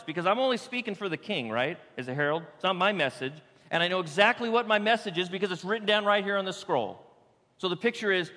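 A man preaching a sermon to his congregation on a handheld microphone, emphatic, often dropping to soft, quiet asides. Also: on the high side, animated, brisk. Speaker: pastor. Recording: reverberant church hall.

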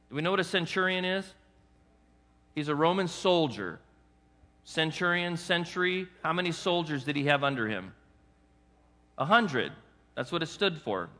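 A man's voice: fairly high pitch, sharp tone. A male pastor giving a sermon in a church. He talks conversationally, asks the congregation questions, and often restarts and repeats words. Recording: long reverb of a large hall.

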